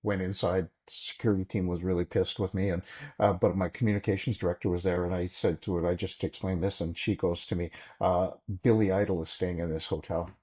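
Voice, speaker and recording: Husky low-voiced man telling stories. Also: a little fast. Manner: animated anecdotes, acts out quoted dialogue. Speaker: podcast guest, former executive. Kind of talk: conversational storytelling.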